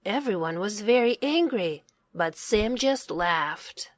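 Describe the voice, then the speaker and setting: A woman narrating a children's storybook in a slow, expressive read-aloud manner. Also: medium pitch.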